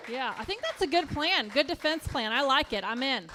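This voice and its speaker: A woman hosting a comedy club show, introducing the next comedian on stage with upbeat, brisk patter. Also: high voice, expressive, a crowd in the background, noisy background. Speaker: host.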